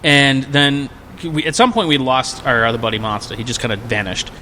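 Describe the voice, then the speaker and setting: Talking a little fast at medium pitch, a guest on a casual podcast describes a drunken convention episode. He acts out quotes animatedly, lifting his voice, over a slight hiss or hum.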